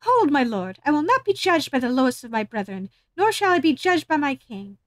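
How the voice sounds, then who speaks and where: A woman's voice: a little high, very animated, moderate pace, dry recording. A woman voicing a shy young heroine. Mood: defiant. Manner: hesitant, stammering. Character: shy young woman, timid and soft-spoken.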